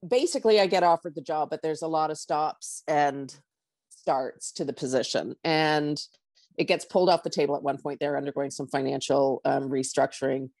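A woman's voice: low voice, moderate pace, a little mellow, no room sound, clean studio sound. A middle-aged woman, a coach, telling a personal story candidly and acting out her own inner dialogue.

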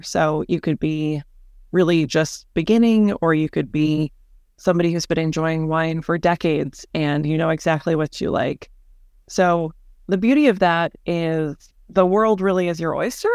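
Woman, podcast guest, business director; smooth voice, upbeat explainer, dry close recording. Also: sits low, no room sound.

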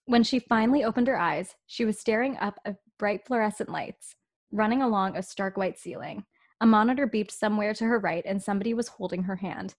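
A woman's voice: mid-range voice, fairly quick. A woman co-hosting a podcast, reading fan fiction aloud in a playful way and breaking into laughter now and then. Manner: playful, laughs often, acts out the dialogue. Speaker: podcast co-host.

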